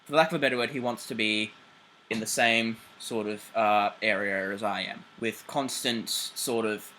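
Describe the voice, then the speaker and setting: Excitable Australian guy with a bright voice. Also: lowish voice, moderate pace, slight background noise. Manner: excitable, swears freely, chatty with fillers. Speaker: railway channel host. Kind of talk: casual vlog.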